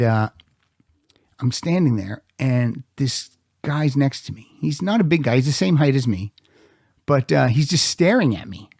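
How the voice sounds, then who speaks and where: A man hosting a podcast, telling a rambling, animated story and swearing freely. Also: medium pitch, vocal fry, dry recording, clean studio sound. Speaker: podcast host.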